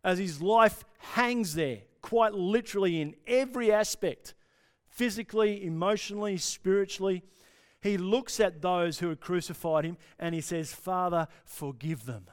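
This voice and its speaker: A male pastor preaching a sermon with passion, dropping to soft pauses for emphasis. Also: high-pitched, clear, resonant tone. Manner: impassioned, with dramatic pauses and drops to near-whisper.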